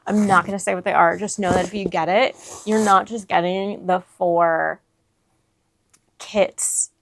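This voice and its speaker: A woman hosting her crochet channel, gushing with excitement as she unboxes and shows off yarn, dropping into whispered asides. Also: on the low side, unhurried, gravelly, dry recording.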